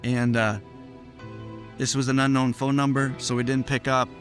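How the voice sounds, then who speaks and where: A man's voice: medium pitch, level tone, moderate pace. A man speaking in a documentary interview about his father's kidnapping, in a reflective, plain-spoken way with some hesitations. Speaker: son of a hostage. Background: faint music.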